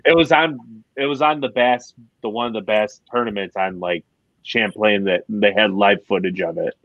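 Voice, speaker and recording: A man's voice: fairly low pitch, moderate pace, no room sound. A man from New York guesting on a fishing podcast, rambling through stories in a thoughtful way. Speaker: guest angler. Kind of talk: casual podcast chat. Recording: dull dry lo-fi audio.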